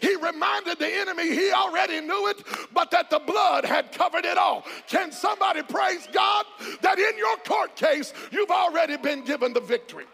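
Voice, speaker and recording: A man preaches with a very high, gravelly voice, shouting his points in rolling rhythmic bursts and calling on the congregation to answer back. His sermon rings through a large church hall with long reverb. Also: moderate pace, soft background music, a faint crowd. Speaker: pastor.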